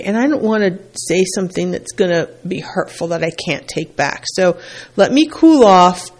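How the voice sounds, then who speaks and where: A couples therapist with a medium-pitched voice gives relationship advice. She talks plainly and conversationally, repeating key points for emphasis.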